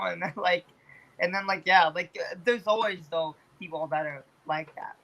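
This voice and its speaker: A man's voice: high voice, fairly even intonation, normal speed, sharp tone, poor audio. Rambling young man full of fillers. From Toronto. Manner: rambling, many fillers, laughs often. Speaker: weather forecaster guest. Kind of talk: casual podcast chat.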